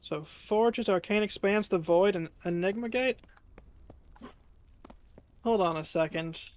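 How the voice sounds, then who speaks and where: A woman's voice: mid-range voice, slow, a little mellow. A woman streamer chatting casually while playing a game, thinking aloud and correcting herself as she goes.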